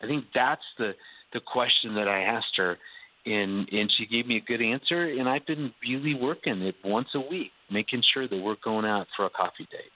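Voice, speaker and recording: A man's voice: medium pitch, moderate pace. A man talking earnestly about his marriage, often restarting his sentences. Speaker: marriage guest. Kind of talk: casual radio talk. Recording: phone-like narrow sound.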